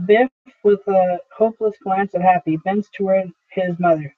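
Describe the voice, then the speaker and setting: A man reading a play's stage directions aloud in a plain, steady manner. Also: high-pitched, normal speed, recorded from a distance. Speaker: reader of a full play. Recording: tinny phone-like audio.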